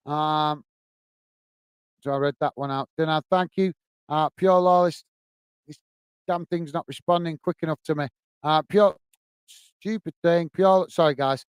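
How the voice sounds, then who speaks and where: A man's voice: high voice, clean tone, no room sound. A man from the UK hosting a live football fan stream, reading out viewer messages, thanking people by name and calling them mate, now and then flustered by his lagging computer. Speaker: host reading live chat. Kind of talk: casual live-stream chat.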